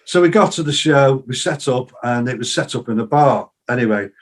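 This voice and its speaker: The older man here, a musician and songwriter, talks briskly at a medium pitch while guesting on a podcast. He tells rambling stories in a casual interview, voicing what others said to him in lively acted-out quotes, with lots of restarts and fillers.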